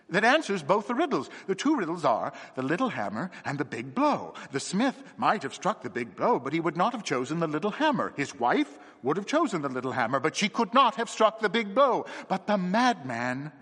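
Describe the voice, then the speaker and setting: A man voicing a nervous, excitable young curate who stammers and trembles, in a reverberant space. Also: high voice, fairly quick, few pauses, slightly rough, pitched above the performer's own voice, full character voice. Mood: feverish. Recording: long reverb.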